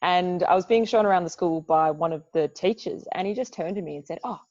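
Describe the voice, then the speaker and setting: Lively young Australian woman, lo-fi. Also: fairly low pitch, a little fast, no room sound. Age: 20s. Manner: lively storyteller, acts out quoted voices. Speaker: interviewee, Olympic modern pentathlete. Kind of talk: casual interview. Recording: dull lo-fi sound.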